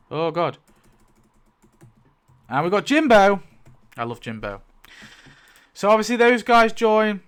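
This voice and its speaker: A man giving casual, animated commentary as he rewrites a story, thinking aloud, swearing and exclaiming in mock outrage. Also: sits high, measured pace, pauses often, smooth. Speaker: YouTube creator.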